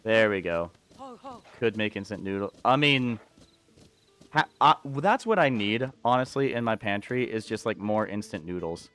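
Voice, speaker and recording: A man streaming a video game, chatting and rambling casually with excitable outbursts. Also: lowish voice, normal speed, slight background noise. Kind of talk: casual gameplay commentary.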